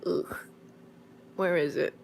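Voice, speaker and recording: An adult woman who reads fanfiction aloud, chatting casually from home in a live-stream Q&A. She rambles and jumps into sudden bursts of excitement. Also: takes it slowly, slight background noise. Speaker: fanfiction audiobook narrator and streamer.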